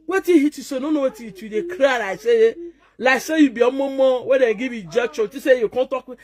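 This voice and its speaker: A woman with a thick Nigerian Pidgin English accent rants at her viewers in a vlog, taunting and scolding them. She talks in a chanting, mocking way and keeps repeating her jabs. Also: sits high. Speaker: social media vlogger.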